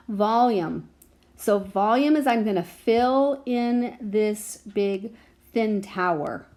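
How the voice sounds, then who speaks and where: A woman's voice: mid-range voice, darkish tone. A woman teacher walking through a math practice lesson, patiently thinking aloud and checking in with her students. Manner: patient, checks in with "okay?" and "right?".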